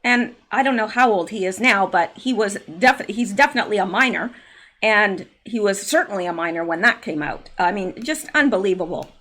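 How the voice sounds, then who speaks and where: A woman hosting a solo political commentary show, reading news aloud with sarcastic asides, fillers and occasional throat clearing. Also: mid-range voice, expressive, normal speed, fairly bright tone. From Canada.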